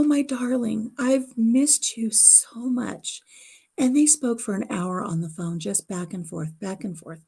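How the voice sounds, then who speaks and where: A middle-aged woman hosts a casual livestream from her home, telling a family story in a rambling, heartfelt way. Her voice has a gravelly, creaky edge and sits at an ordinary pitch for a woman. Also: mellow. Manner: rambling, emotional personal storytelling. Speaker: livestream host.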